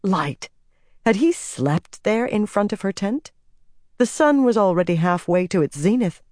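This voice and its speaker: An audiobook narrator reading a fantasy novel in a steady, even storytelling manner. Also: medium pitch, unhurried, no room sound, clean studio sound.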